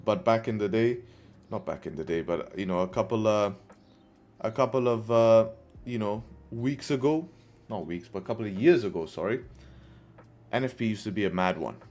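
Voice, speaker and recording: Yawning and tired, this man gives casual commentary on his live forex trades, trading banter with the chat and leaning on "right?" and "guess what." He speaks at a moderate pace in a lowish, darkish voice.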